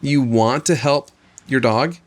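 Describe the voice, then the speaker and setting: A man co-hosting a podcast, coaching his friend in a gentle, reflective and affirming way. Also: mid-range voice, slow pace. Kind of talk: coaching conversation.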